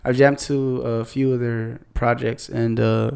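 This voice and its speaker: A man who is a guest on a podcast, relaxed and agreeable, often chuckling along. His voice has a gravelly edge but stays smooth and resonant. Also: mid-range voice. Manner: easygoing, agreeable, quick to laugh. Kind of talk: casual chat.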